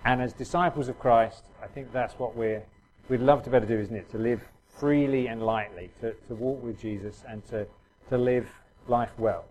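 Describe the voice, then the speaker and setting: A man's voice: mid-range voice, moderate pace, a little mellow, slight background noise, rough recording. A middle-aged man preaching a sermon in a conversational way, full of restarts and fillers.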